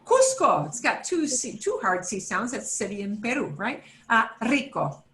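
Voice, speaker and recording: An American woman teaching a beginners' Spanish class, slowly and patiently saying words for learners to repeat. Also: fairly high pitch, big pitch swings, fairly bright tone, echoey room, slight background noise. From United States. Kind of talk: classroom pronunciation lesson.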